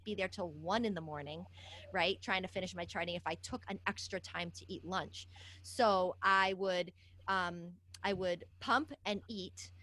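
A woman who works as a nurse, telling a lively work story in casual chat and laughing often. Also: medium pitch.

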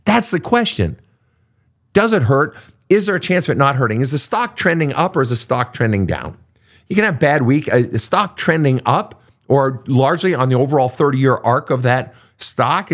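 A man's voice: mid-range voice, sing-song, normal speed. A middle-aged man hosting a casual advice talk, blunt and profane. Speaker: podcast host, coach.

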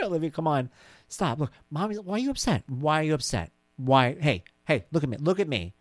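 A middle-aged man telling stories about his daughter in a casual monologue, animated and jokey, and he acts out her voice in high squeals. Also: a little fast, no echo.

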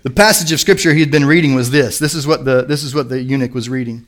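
A man's voice: mid-range voice, quick pace, few pauses, a bit bright. A middle-aged male pastor preaching a sermon in an earnest, conversational storytelling manner.

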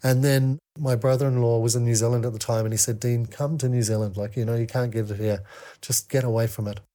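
A man telling a candid personal story as a podcast guest, halting with many fillers and restarts. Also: mid-range voice, fairly even intonation, mellow.

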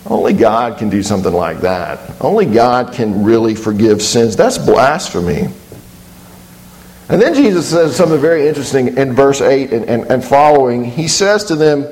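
A man's voice: mid-range voice, expressive, moderate pace, darkish tone, low-quality recording. A man as pastor, preaching a sermon in a conversational way, with rhetorical questions and quoted voices.

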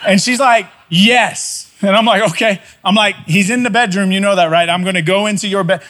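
A man with a noticeably high speaking voice tells a story from the pulpit. He is a middle-aged pastor, animated and self-mocking as he recounts his own blunder. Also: fairly quick. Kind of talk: storytelling sermon.

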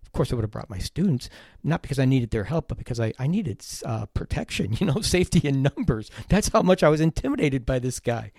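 A man's voice: mid-range voice, fast talker, creaky, no echo, clean studio sound. Earnest man telling a classroom story. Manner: earnest, animated retelling with self-deprecating humor. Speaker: teacher podcast host. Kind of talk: storytelling monologue.

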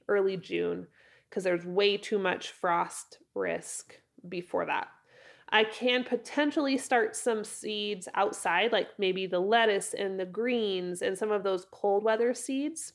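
A woman hosting a casual solo podcast, hoarse and raspy from a head cold, chatting and rambling in a friendly way. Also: mid-range voice, takes it slowly. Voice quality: raspy, froggy. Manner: chatty, rambling, self-correcting with laughs. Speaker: podcast host.

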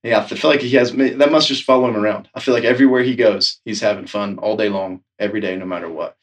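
A man's voice: fairly low pitch, fairly even intonation, fast talker, distant mic. A man, a snowboard instructor, praising a coworker in casual, filler-heavy talk. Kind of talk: interview tribute.

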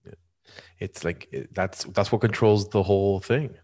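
A man's voice: fairly low pitch, normal speed, darkish tone. A man hosting a conversation, reflecting back on his guest's story in an affirming, thoughtful way.

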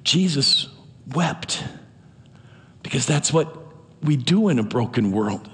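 A pastor preaches a sermon in a medium-pitched, expressive voice at a moderate pace, his tone fairly bright and trailed by a long reverb. He is earnest and emphatic, often restarting his phrases.

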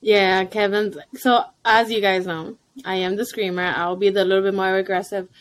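A young woman and stay-at-home mom co-hosting a casual chat, animated and blunt, laughing often. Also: mid-range voice, moderate pace, dry recording.

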